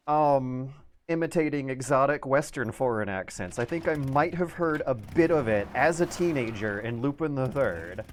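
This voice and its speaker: A man's voice: medium pitch, expressive. Rambling male game streamer. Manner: rambling, thinking aloud, quick laughs. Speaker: livestream host. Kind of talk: casual game-stream commentary.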